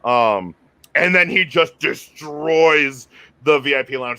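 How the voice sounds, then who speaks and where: Bright, excitable guy reviewing wrestling. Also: on the high side, takes it slowly, dry recording. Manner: excitable, rambling, restarts often. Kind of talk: casual podcast chat.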